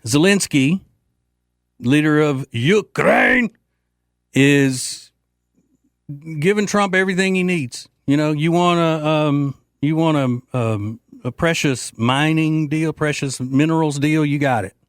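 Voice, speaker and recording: A man's voice: a little high, takes it slowly, no echo, clean studio sound. Brash joking male talk-show host. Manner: brash, joking, rambling with frequent fillers. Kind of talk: conservative political talk show monologue.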